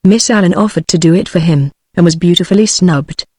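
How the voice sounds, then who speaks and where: A woman's voice: on the low side, husky, dry recording, clean studio sound. Synthetic British woman narrating evenly. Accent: British English. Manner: even, measured reading. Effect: text-to-speech voice. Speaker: audiobook narrator. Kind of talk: scripted narration.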